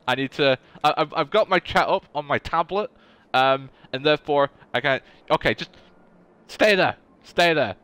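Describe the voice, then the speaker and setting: A man's voice: on the high side, normal speed, a bit bright, smooth, dry recording. A man streaming a game live, chatting casually and gushing emotionally to his viewers.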